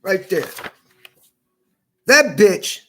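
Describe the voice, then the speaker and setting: Heated male vlogger, a bit high-pitched, profane and repetitive. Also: sing-song, drawn-out words, a bit bright. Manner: profane, heated, repeats himself. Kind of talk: angry rant to camera.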